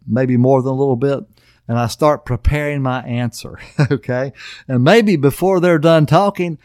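A man's voice: a little high, no room sound, clean studio sound. A middle-aged man preaching a casual marriage sermon, folksy and plain-spoken, often checking in with "okay?". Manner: folksy, repeatedly asks "okay?". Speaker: pastor.

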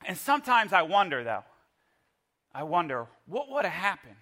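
Animated, bright-voiced preacher man. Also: high-pitched, normal speed. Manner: animated, playful storytelling. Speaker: pastor. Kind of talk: sermon.

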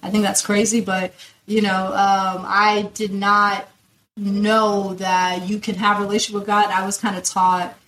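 A woman's voice: mid-range voice, little pitch movement, unhurried, a bit bright, poor audio. A woman in her thirties from Lagos, raised in South Florida, with a Nigerian accent, telling her faith story candidly as a podcast guest. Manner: candid, storytelling, laughs often. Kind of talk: casual conversational interview.

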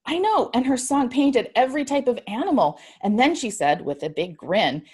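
A woman reading a story aloud in a measured storytelling manner. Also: fairly high pitch, animated, a little mellow, slightly rough.

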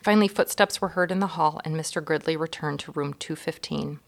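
Calm woman reading a storybook. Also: deep voice, brisk, vocal fry. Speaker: guest reader.

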